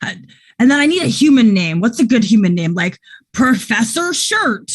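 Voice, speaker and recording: A woman playing a tabletop game in character, excitable and tripping over her words. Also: fairly high pitch, normal speed, breathy edge. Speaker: player.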